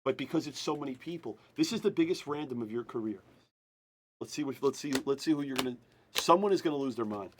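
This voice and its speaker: A man hosting a live sports card break, building hype and repeating himself, then slowly announcing the teams. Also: medium pitch, expressive, crowd noise. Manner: hyped, repeating himself, slows to announce results.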